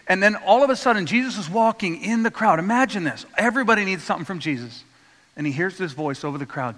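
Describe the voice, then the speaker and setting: Bright-voiced pastor preaching in a reverberant hall. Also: male voice, sits high, animated, fairly quick. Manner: storytelling, acts out quoted voices, asks congregation to repeat words. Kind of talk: sermon.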